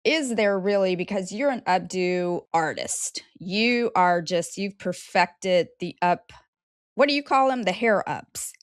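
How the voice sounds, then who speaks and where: An American woman hosting a chatty interview, lively with sassy asides. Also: on the low side, unhurried, no room sound, studio quality. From United States. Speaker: podcast host. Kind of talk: casual interview chat.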